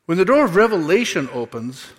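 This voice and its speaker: A man preaching a sermon in church, animated and playful, acting out quotes and making asides to the congregation. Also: sits high, brisk. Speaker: pastor. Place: church sanctuary.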